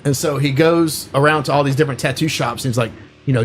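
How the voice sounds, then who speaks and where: A man's voice: medium pitch, steady tone, fast, slight background noise. Rambling man retelling a movie plot. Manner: rambling, full of "like" and "you know". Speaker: podcast co-host.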